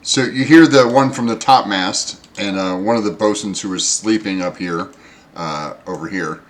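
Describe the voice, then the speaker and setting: A man narrating as game master, pausing often with fillers. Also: fairly low pitch. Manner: hesitant, many fillers.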